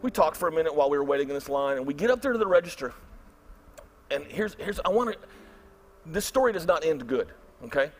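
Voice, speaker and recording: A middle-aged pastor tells a story in his sermon and acts out his inner thoughts with lively energy. His voice sits high for a man. He jumps between quiet asides and loud bursts. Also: fast talker. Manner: animated, acts out his own inner voice loudly.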